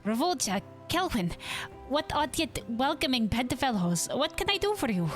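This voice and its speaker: A woman voicing a friendly, helpful villager with a bright, sing-song way of talking. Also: sits high, sing-song, moderate pace, soft background music, pitched above the performer's own voice.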